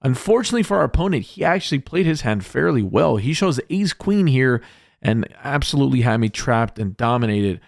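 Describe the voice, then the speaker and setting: A man's voice: medium pitch, big pitch swings, fairly quick, vocal fry, no echo. Upbeat man narrating poker hands, dry close mic. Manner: upbeat, jokey play-by-play narration. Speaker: poker vlogger. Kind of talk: voice-over hand recap.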